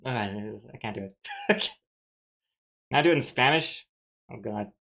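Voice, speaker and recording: A woman's voice: rumbling low, slow, long pauses, a bit bright. A woman from Austria chatting casually on a live stream, playful and self-mocking, often laughing at herself.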